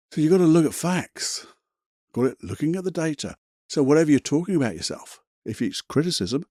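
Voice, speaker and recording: A man's voice: mid-range voice, dark tone, no room sound. Chatty blunt guy doing a self-help podcast, voice bouncing all over, dry close sound, faint music behind. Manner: blunt, chatty, mild swearing. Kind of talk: casual motivational monologue.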